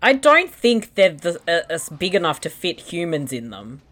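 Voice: mid-range voice, big pitch swings, normal speed, fairly bright tone. A co-host in a casual movie commentary chat, teasing the other host and laughing often. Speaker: podcast co-host.

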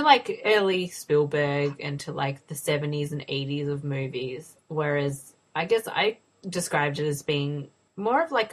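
A woman hosting a casual movie review podcast, relaxed as she leads the discussion. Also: low voice. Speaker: podcast host.

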